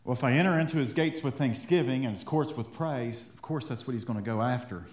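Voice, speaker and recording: A man's voice: mid-range voice, fast talker, a little mellow. A man preaching a sermon in a conversational way, acting out little quotes and building to fired-up emphasis. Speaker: pastor. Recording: echoey room.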